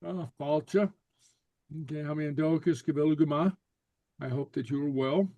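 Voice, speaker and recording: A man's voice: fairly high pitch, moderate pace, no echo, phone-quality sound. Guy teaching a class on a video call, laid back, lots of okays, dry close sound. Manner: relaxed, full of fillers and repeated okays. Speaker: Gaelic teacher.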